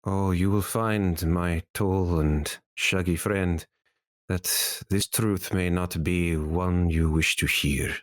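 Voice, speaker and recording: A man's voice: deep voice, steady tone, slow pace, no room sound, pitched below the performer's own voice. A man voicing a wounded older male sage who speaks in a scratchy, solemn, formal way. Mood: grave.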